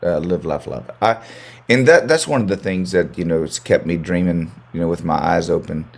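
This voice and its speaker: A man's voice: low-pitched, moderate pace, vocal fry. An American man, a country singer, chatting as a guest in an interview, rambling and repeating words as he restarts his sentences. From United States. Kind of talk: casual interview chat.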